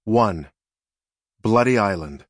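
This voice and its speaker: A man with a somewhat low voice narrates an audiobook with even, measured storytelling. The studio-quality recording carries no room sound.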